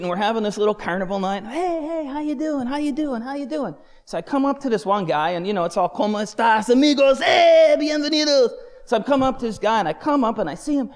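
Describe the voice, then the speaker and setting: A man giving a dramatic personal testimony, animated, swinging from shouts down to hushed whispers. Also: sits high. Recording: long hall reverb.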